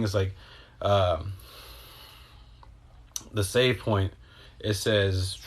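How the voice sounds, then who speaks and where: Rambling, profane low-voiced man. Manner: rambling, profane, jumps between thoughts; animated, acts out his own reactions. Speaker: podcast host. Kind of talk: casual storytelling.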